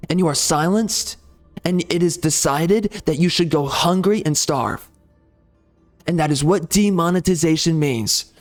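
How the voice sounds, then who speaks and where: A man ranting heatedly over gameplay, swearing and repeating himself as he argues. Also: fairly high pitch. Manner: heated, profane, repetitive ranting. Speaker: gaming channel host.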